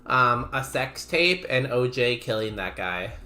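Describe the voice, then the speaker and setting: A man's voice: mid-range voice, big pitch swings, unhurried, sharp tone. A man streaming a game, chatting casually and rambling while he reads messages from chat aloud.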